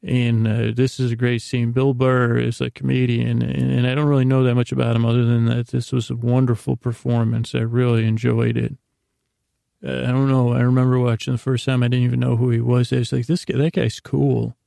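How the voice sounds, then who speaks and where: A man with a heavily gravelly voice drifts through a casual recap for a sleep podcast, stopping and restarting as he goes. His tone stays flat and unhurried, with little rise and fall. The recording is close and dry. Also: medium pitch, no room sound. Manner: meandering, casual, many fillers and restarts. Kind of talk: rambling bedtime recap.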